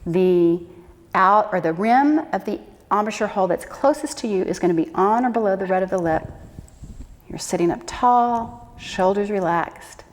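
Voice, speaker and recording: A woman's voice: medium pitch, normal speed. A woman flute instructor giving an encouraging, demonstrative lesson for beginners. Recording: echo with long reverb.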